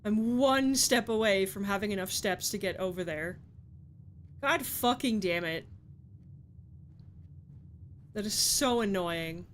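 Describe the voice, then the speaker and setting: A woman's voice: medium pitch, normal speed, few pauses, a little hiss or hum. Frustrated swearing woman streamer. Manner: frustrated, swearing, rambling with restarts. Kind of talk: casual live-stream chat.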